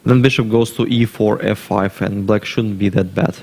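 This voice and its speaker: Low gravelly male chess commentator. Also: steady tone, darkish tone. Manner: thinking aloud through variations, measured.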